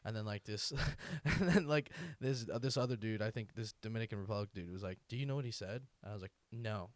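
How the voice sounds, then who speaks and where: A man's voice: lowish voice, brisk, no echo. A man hosting a comedy podcast, bantering in a laid-back, profane way. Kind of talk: casual podcast chat.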